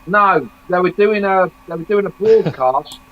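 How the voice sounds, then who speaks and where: A man's voice: sits high, measured pace, dull audio. A man from England co-hosting a casual live chat, asking questions and passing on news. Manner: chatty, asks questions, tells news. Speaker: co-host.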